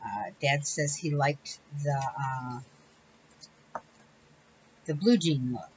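A woman speaks slowly in a low-pitched voice over a noisy background, the highs cut off. In her casual crafting video she chats as the host, rambling, correcting herself, and laughing lightly.

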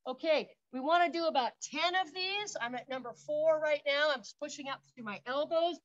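Woman, outdoor exercise instructor, upbeat, high-pitched, slightly out of breath, muffled recording. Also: moderate pace, a bit bright. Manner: upbeat, counts reps aloud, cheers. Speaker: park guide leading a workout.

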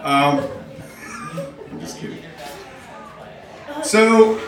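Rambling, self-mocking male stand-up comic. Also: mid-range voice. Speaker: stand-up comedian. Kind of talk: stand-up set. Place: comedy club stage. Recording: roomy club, mic from far off.

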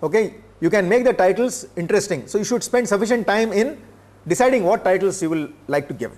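An older man from India, giving a classroom lecture in a measured way, pausing often with filler sounds. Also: high-pitched, expressive, darkish tone. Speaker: professor. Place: lecture room.

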